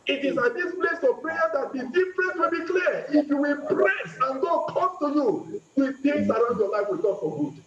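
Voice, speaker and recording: A man preaching and leading a fervent, repetitive prayer, sometimes breaking into shouting and speaking in tongues. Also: extremely high pitch, animated, moderate pace, hardly any pauses, background noise. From Nigeria. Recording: echoey, dull lo-fi room recording.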